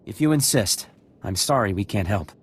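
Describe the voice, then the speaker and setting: A man's voice: on the low side, lively intonation, moderate pace, slight background noise. A man voicing an earnest, eager young recruit in a game cutscene.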